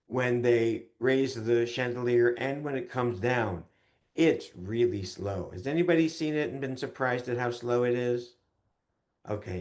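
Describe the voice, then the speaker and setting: A man teaching an online class in a chatty, relaxed way, pausing often with ums and uhs. His voice sits in an ordinary middle pitch. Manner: chatty, with many fillers and hesitations.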